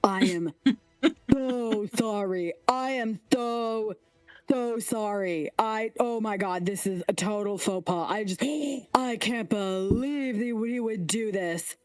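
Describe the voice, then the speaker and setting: A woman voicing a fussy, flamboyant male king with a high, theatrical, fluttery voice. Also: slow, clean tone, no echo, soft background music, close to an everyday voice. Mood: flustered apologetic.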